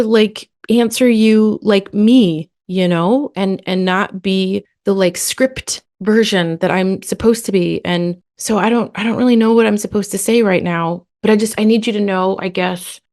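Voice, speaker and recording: In a live coaching session, a middle-aged woman talks straight to a parent in a casual, direct manner, acting out scripts of what to say to a child. Her voice is lowish and a little mellow.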